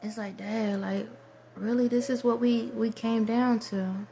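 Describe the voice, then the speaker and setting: Woman vlogger, reflective and rambling, soft trailing whispers, faint background hiss. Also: on the high side, fairly even intonation, measured pace, vocal fry. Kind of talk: casual spiritual monologue.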